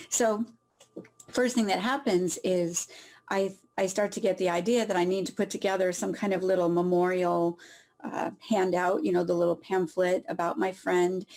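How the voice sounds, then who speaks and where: A woman from Southern California shares a personal story with deep emotion, her mid-range voice pausing often. She laughs softly through her tears as she speaks.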